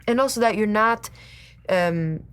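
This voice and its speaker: A woman co-hosting a casual faith chat, soft-spoken and given to dropping into a whisper. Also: medium pitch, measured pace. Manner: soft-spoken, swings between whisper and loud. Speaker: co-host.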